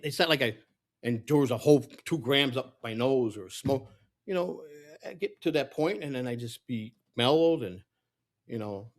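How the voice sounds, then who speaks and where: A middle-aged man telling personal stories in a candid, rambling way, acting out the voices of people he quotes. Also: mid-range voice. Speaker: political candidate. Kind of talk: casual storytelling monologue.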